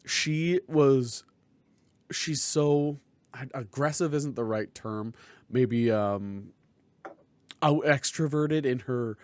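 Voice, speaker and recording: A man's voice: mid-range voice, slow pace, long pauses. A man co-hosting a casual podcast review, thinking aloud and searching for the right words. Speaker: podcast co-host.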